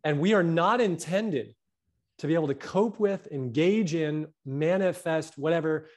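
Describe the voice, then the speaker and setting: A man talking about health as a guest, animated and fond of tagging his points with "right?". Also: on the high side. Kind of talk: casual conversation.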